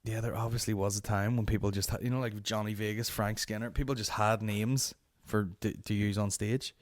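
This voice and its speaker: A young Northern Irish man hosting a podcast, telling a story in a sweary, animated way and acting out the voices of the people in it. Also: lowish voice, a little fast, dry recording, clean studio sound. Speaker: podcast host. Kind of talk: casual storytelling.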